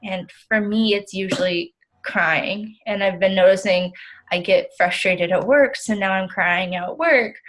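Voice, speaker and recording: A woman's voice: mid-range voice, fairly bright tone, lightly acted, low-quality recording. A young woman playing an overwhelmed, self-critical counseling client, rambling with many "like" fillers in a role-play.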